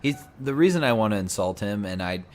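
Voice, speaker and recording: Lower-pitched young man ranting casually. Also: brisk, a little hiss or hum. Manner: animated, swearing, mocking put-on drawls. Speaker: podcast host. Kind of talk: casual chat.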